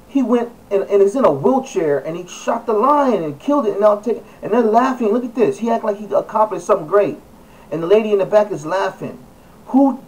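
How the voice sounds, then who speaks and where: A man with a fairly high voice talks casually to his viewers, pressing his points hard and repeating himself between fillers. He sits some way back from the mic, so his voice sounds a little distant. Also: darkish tone. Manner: emphatic, repeats phrases, many fillers. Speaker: video blogger. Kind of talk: casual vlog commentary.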